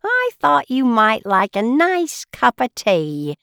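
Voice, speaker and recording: A woman voicing a kindly, motherly female teapot housekeeper in a storybook reading, slow and soothing. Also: a little high, huge pitch swings, gravelly, fairly bright tone, clear, resonant tone, no echo, studio quality, pitched above the performer's own voice, full character voice. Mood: polite.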